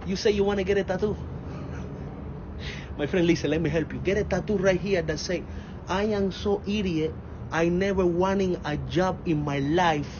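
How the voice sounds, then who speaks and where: A man's voice: high voice, moderate pace, dull audio, background noise, close to an everyday voice. A man playing a blunt, exasperated Hispanic father in a comedy sketch, speaking with broken grammar and a mocking tone. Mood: mocking scold.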